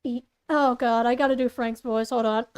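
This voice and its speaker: A woman's voice: a little high, steady tone, a little slow, a little mellow, clear, resonant tone. Rambling woman reading a story. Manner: rambling, playful, self-correcting. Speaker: fan fiction reader and voice actor. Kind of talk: casual reading with asides. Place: bedroom.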